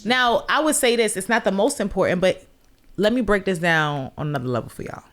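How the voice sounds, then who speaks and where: A woman's voice: medium pitch, expressive, a little fast. A woman on a podcast explaining relationships frankly and crudely, like a coach, in casual chat.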